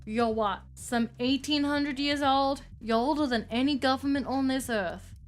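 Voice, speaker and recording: A woman's voice: high voice, unhurried. Woman playing a cowboy therapist man, put-on Western accent, folksy, reassuring, faint music. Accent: put-on American Western.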